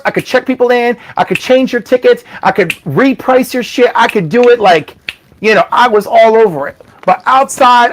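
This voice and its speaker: A high-pitched man, captured on a rough recording, hosts a relaxed stream full of storytelling chat. He tells his tales with animation, putting on the voices of everyone involved.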